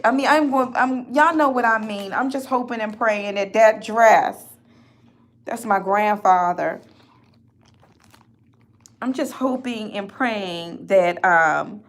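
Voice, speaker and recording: A woman's voice: medium pitch, takes it slowly, long pauses. A woman talking in an upset, rambling vlog, often stopping and restarting her sentences. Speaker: vlogger. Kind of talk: emotional personal vlog.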